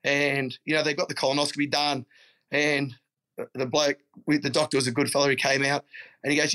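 A man's voice: fairly high pitch, level tone, brisk, pushed and bright. A middle-aged Australian man chatting casually as a guest, telling blokey stories and calling people mate. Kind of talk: casual chat.

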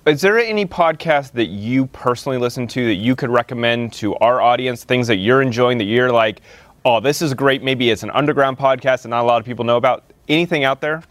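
A man's voice: mid-range voice, fast talker, hardly any pauses, a bit bright, no echo. A man hosting a podcast, asking questions in an enthusiastic way and laughing easily. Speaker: podcast host. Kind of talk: interviewing.

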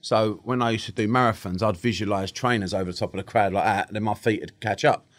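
Male hypnotist guest, fast-paced storyteller who mimics others mid-anecdote. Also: on the low side, steady tone. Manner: rapid storytelling, acting out quoted voices. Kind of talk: casual podcast chat.

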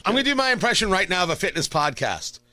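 A man's voice: sits high, sing-song, very fast, bright, forceful tone. A man hosting a morning radio show, joking and stammering as he chats. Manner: joking, stammering, repeats words. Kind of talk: casual morning radio chat.

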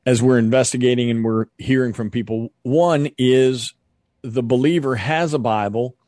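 A man, a ministry leader and guest, telling stories with earnest, animated energy in an interview. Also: medium pitch, normal speed, dry recording, studio quality. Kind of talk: storytelling interview.

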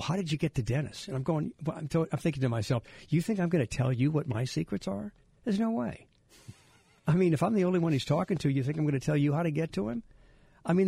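A middle-aged male radio host with a gravelly, husky voice, chatting casually and rambling through stories with lots of restarts. His voice sounds close and dry, with no room around it. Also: fairly high pitch, warm tone, no room sound. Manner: rambling, self-interrupting storyteller. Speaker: radio talk show host.

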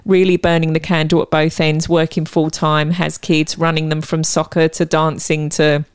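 Aussie lady naturopath chatting, smooth voice, lowish, dry close sound. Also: level tone, normal speed, no echo. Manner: friendly, explanatory, laughs easily. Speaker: naturopath guest. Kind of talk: casual podcast chat.

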